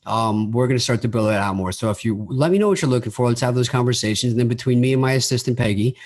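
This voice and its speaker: A man's voice: mid-range voice, quick pace, darkish tone. Man hosting a solo podcast. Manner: conversational, repeats words when starting sentences; acts out quoted dialogue in his own voice. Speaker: podcast host.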